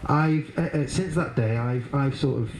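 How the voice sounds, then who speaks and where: A man's voice: medium pitch, measured pace. A man giving a wedding speech as the bride's brother, telling a story with frequent laughter, fillers and restarts. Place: wedding reception. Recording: echoey room, loud background noise.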